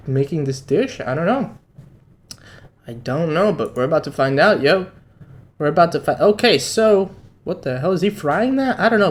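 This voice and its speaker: A young man streaming a live read-along of a manga, excitable and slangy, jumping between loud outbursts and quiet muttering. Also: fairly high pitch.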